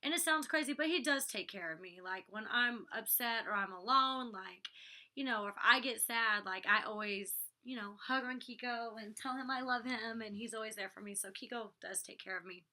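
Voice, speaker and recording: She's a reality show cast member in her twenties, casually recapping an episode on her vlog and saying "like" and "you know" a lot. Her voice is a little high and bright, with a forceful tone, and she talks at a normal speed.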